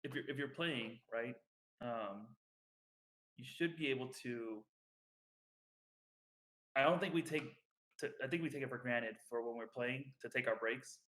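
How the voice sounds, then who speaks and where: A man's voice: mid-range voice, measured pace, pauses often, fairly bright tone. Rambling young man in casual chat. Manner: rambling, many fillers and restarts. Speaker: podcast co-host.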